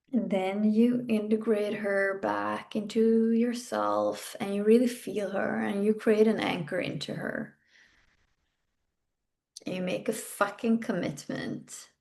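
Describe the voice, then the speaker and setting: A woman's voice: mid-range voice, vocal fry. A woman hosting a podcast, guiding a self-development exercise in an intimate, frank way, swearing casually. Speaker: podcast host and coach.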